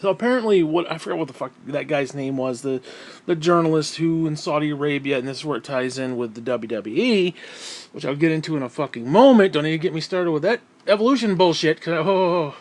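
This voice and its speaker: A man's voice: on the high side, animated, fairly quick. A man delivering an angry, profane vlog rant, irritable and sighing heavily between outbursts. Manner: profane, irritable, heavy sighs. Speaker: vlogger. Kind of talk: angry ranting monologue.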